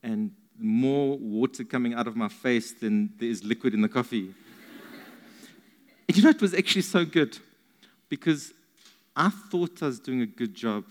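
A man's voice: mid-range voice, normal speed, long pauses. Man, encouraging, reverberant sound. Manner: warm-hearted, encouraging, self-deprecating. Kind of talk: personal faith testimony.

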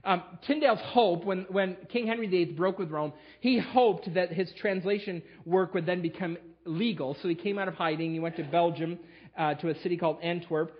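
In his church sanctuary, a pastor delivers a sermon that tells history emphatically, with fillers and restarts along the way. He speaks fairly quickly in a voice that sits high, and the audio sounds dull.

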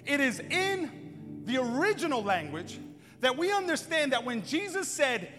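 A man preaching a sermon as pastor, telling humorous stories and building to emphatic shouted lines. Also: very high voice, very animated, a little slow. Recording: echoey hall, faint music.

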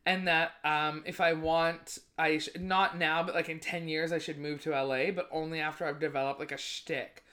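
A woman comedian chats casually on a podcast, giggling often and swearing freely. Her voice sits low but sounds bright and forceful. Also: level tone, normal speed, few pauses. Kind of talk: casual chat.

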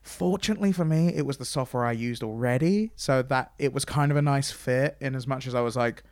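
A man telling convention stories in casual chat, acting out quoted lines in a higher voice. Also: fairly quick, a little mellow, dry recording, clean studio sound. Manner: chatty storyteller, acts out quotes in a higher voice. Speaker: podcast host and stage host.

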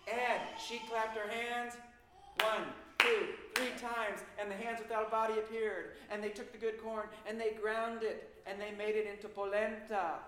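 A man telling a spooky folktale in an animated, suspenseful way with dramatic pauses. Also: high-pitched. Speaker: storyteller. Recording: echoey room with faint noise.

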